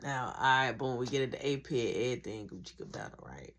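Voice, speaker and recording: A woman telling a school story in a slangy, animated storytime style, acting out the dialogue. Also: very deep voice, fast, few pauses. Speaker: vlogger. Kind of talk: storytime narration.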